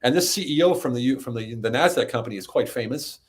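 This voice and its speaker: A middle-aged man telling stories as a podcast guest, animated and climbing high in pitch when he acts out what people said. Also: fast talker. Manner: animated, rises high when acting out quotes. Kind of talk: casual storytelling.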